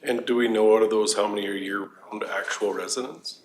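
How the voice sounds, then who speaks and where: A man's voice: lowish voice, fairly even intonation, fairly quick. A man serving as councillor, questioning staff at a council meeting in a probing, skeptical way. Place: council chamber. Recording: roomy chamber sound.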